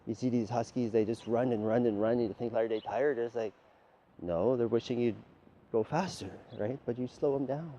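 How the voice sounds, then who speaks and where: A man's voice: mid-range voice, normal speed, mellow. A man delivering a rambling, profane, lecturing monologue straight at the listener. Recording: dull lo-fi recording with faint ambience.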